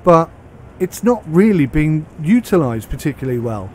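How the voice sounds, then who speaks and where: A British game reviewer from the United Kingdom thinks aloud while playing a train game, offering loose, rambling commentary. His voice is fairly high and sing-song, moving at a moderate pace over slight background noise.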